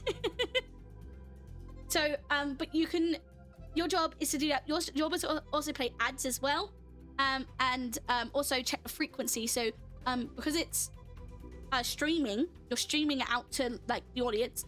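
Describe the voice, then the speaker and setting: A woman's voice: high voice, steady tone, normal speed, fairly bright tone, faint music behind. A woman streamer chatting casually while playing a game, laughing often and answering her chat as she goes.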